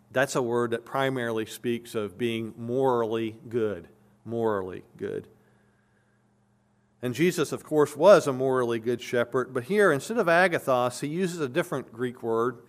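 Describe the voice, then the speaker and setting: A male pastor delivers an expository sermon at normal speed, his voice mid-range. He reads scripture aloud and explains it verse by verse with earnest emphasis.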